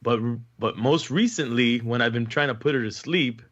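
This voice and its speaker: A young man co-hosts a casual podcast, talking in a relaxed, easygoing way. His voice is bright and forward. The recording is a little muffled. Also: medium pitch, moderate pace. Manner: laid-back, laughs easily. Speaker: podcast co-host. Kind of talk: casual chat.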